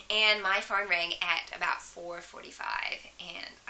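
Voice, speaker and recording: Bright New Zealand woman with a head cold. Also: medium pitch, slow pace, low-quality recording. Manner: chatty storytelling with asides, coughs and throat clearing. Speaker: vlogger. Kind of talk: casual chat to camera.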